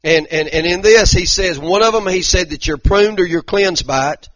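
An older pastor leads a conversational sermon, folksy and animated, often building to emphatic bursts. His voice sits a little high for a man. The sound is dry and close, and a bit dull and muffled. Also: moderate pace, no echo. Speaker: pastor teaching a Bible study.

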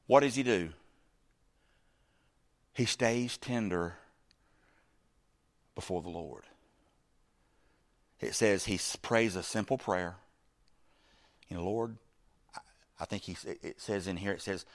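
A middle-aged man preaching with a low voice that rises and falls a great deal. He jumps from loud, excited bursts to soft, almost hushed asides, and he acts out the quoted lines of his story. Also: slow, long pauses. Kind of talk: sermon.

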